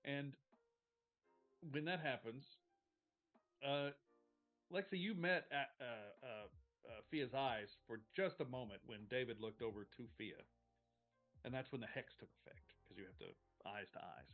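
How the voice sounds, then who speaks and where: A man's voice: mid-range voice, expressive, measured pace, pauses often. A man narrating as game master of a tabletop game, hesitant with frequent restarts. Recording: tinny call audio with faint music.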